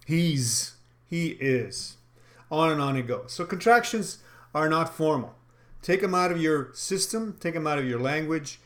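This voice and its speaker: A man giving a sales training lesson in a slightly high voice. He talks with emphasis and acts out example phrases to show his point. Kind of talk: instructional talk.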